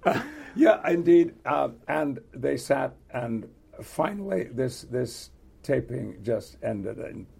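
An older man with a British accent, a guest in a relaxed interview who talks haltingly and chuckles often. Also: mid-range voice, vocal fry, background noise. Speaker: actor guest. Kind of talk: casual interview chat.

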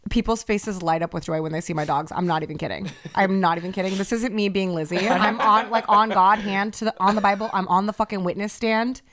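A young woman co-hosting a podcast, telling a story in casual chat, animated and swearing freely. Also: medium pitch, fairly quick, few pauses, crowd noise. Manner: animated, swears freely, acts out voices in anecdotes. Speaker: podcast co-host.

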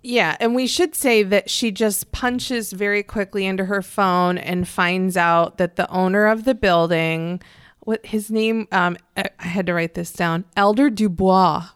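A woman's voice: mid-range voice, fairly even intonation, unhurried, clean tone, no room sound, studio quality. A woman comedian co-hosting a podcast, bantering casually with wry, self-deprecating humor. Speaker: podcast co-host. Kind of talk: casual chat.

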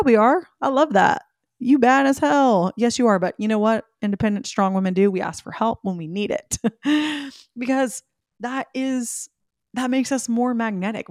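A woman hosting a solo podcast. She gives listeners animated, emphatic pep talks and speaks to them directly. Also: fairly low pitch, dry recording, studio quality. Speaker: podcast host. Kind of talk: solo podcast talk, motivational.

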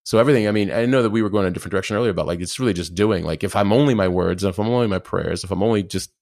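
A man talking as a podcast guest, animated, acting out his inner dialogue. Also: fairly low pitch, racing, no room sound, studio quality. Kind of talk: casual conversation.

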